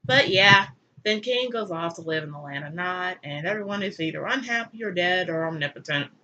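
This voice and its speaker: A woman's voice: lowish voice, animated, a little fast, bright, forceful tone, highs cut off, slight background noise. A woman reading aloud her own irreverent, crude comic retelling in a sarcastic way. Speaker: channel host. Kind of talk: comedic read-aloud retelling.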